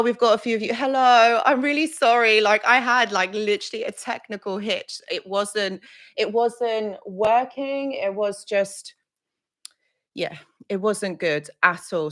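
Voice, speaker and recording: A woman's voice: a little high, a bit bright. Flustered, effusive woman hosting a live stream. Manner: flustered, effusive, greets viewers by name. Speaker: live stream host, relationship coach. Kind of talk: casual live stream chat.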